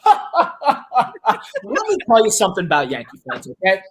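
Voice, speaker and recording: A man's voice: high voice, big pitch swings, moderate pace. A man with a Midwestern accent co-hosting a sports talk show, ranting with passion and sarcasm. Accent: Midwestern American.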